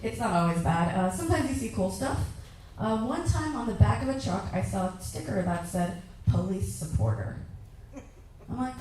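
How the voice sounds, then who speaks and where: A young woman performing a stand-up comedy set on a club stage, ranting in lively bursts and shouting her acted-out asides. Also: medium pitch, moderate pace, far from the mic, background noise. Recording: echoey club room heard from afar.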